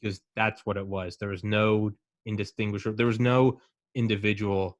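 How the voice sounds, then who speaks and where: A man in casual chat, talking excitedly and rambling with lots of fillers. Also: lowish voice, fairly quick, dry recording, muffled recording.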